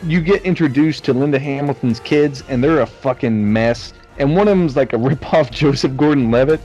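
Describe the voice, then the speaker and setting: A man's voice: mid-range voice, moderate pace, dark tone, muffled recording, soft background music. A man co-hosting a casual movie review podcast, joking and swearing freely. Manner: profane, jokey. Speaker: podcast co-host.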